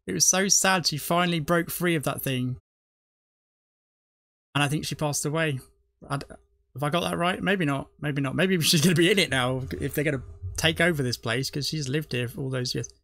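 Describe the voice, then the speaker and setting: A man's voice: on the high side, a little fast, gravelly, sharp tone, no echo, studio quality. A man, the host of a reaction video, rambling chattily and laughing often. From not from the US. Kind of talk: casual chat.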